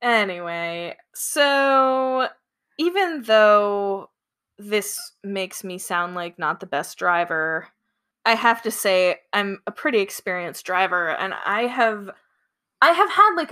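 A woman's voice: medium pitch, pushed and bright, smooth. A young woman co-hosting a casual podcast, chatty and giggly, with lots of "like" fillers. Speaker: podcast co-host. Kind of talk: casual chat.

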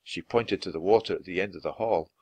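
A man reading a children's book aloud, clear and expressive, at an easy pace for learners. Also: low-pitched, fairly quick, no room sound. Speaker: storybook reader.

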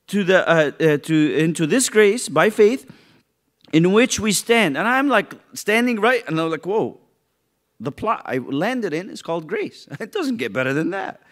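A man teaching a youth Bible study, animated and joking as he acts out people's reactions. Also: fairly high pitch, moderate pace.

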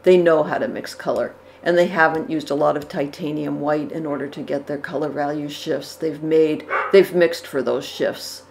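A woman's voice: low voice, steady tone, moderate pace, few pauses, darkish tone, slight background noise. A woman giving casual reaction commentary on portrait paintings, thoughtful, with fillers and self-corrections. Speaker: art commentator. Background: dogs barking.

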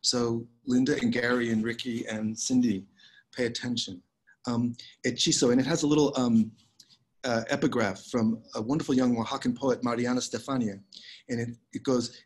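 A man reading his own poems aloud on a video call, measured and unhurried with pauses between lines. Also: mid-range voice, steady tone, rough recording. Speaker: poet reading his work. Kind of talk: poetry reading.

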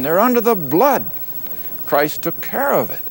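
Older male Bible teacher, a bit high-pitched, emphatic classroom delivery with deliberate repetition. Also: very animated, gravelly, husky. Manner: emphatic, repeats key words slowly for note-taking. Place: classroom with live audience.

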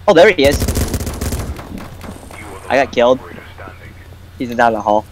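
A teenage boy chatting casually while gaming, goofy and quick to laugh at his own jokes. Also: medium pitch, expressive, rough recording. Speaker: gamer.

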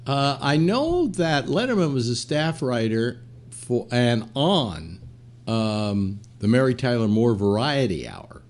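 An older man hosts a casual chat show, spinning stories at an easy pace. He leans on fillers like "uh" and "you know" and slips into mock voices when quoting others. His pitch sits in an ordinary middle range. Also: big pitch swings, slow pace. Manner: storytelling, many fillers, mimics quotes. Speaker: podcast host.

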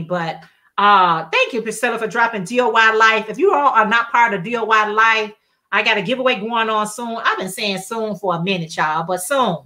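A woman's voice: mid-range voice, sharp tone. A woman hosting a casual crafting livestream, telling chatty stories in colloquial speech and reading viewer comments aloud.

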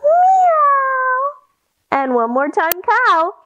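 Bright, lively kids' yoga teacher woman. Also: high-pitched, a little slow, highs cut off. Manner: cheerful, encouraging, speaks to young kids. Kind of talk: guided yoga storytime for children.

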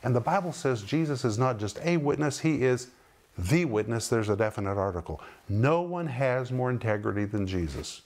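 A man teaching the Bible in sermon style, emphatic and lingering on key words with dramatic pauses. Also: medium pitch, very animated, a little mellow.

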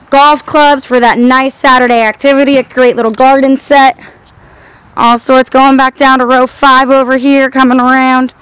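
A woman's voice: high-pitched, fairly bright tone, smooth, dry recording, rough recording. A woman hosting an auction preview, cheerfully listing items as she walks through an outdoor sale yard. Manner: upbeat listing of items, addresses folks. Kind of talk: walkthrough sales pitch.

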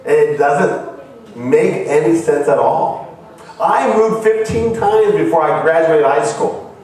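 A man's voice: fairly high pitch, takes it slowly, darkish tone, recorded from a distance. Earnest missionary man preaching in an echoey hall. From Ohio. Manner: earnest storytelling, rising to cries. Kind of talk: sermon. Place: church hall.

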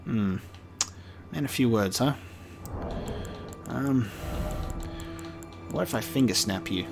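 A man's voice: medium pitch, takes it slowly, long pauses, faint music behind. A man doing casual let's-play commentary, chatty and joking, swearing when surprised. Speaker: gaming video host.

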